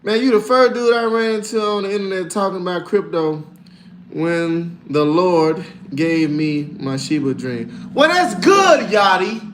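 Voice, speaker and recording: Male livestream host, high voice, lively storyteller who acts out voices, echoey room. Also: unhurried, a little hiss or hum. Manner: animated storytelling, acts out voices, laughs often. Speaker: livestream host reading chat. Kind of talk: casual livestream chat.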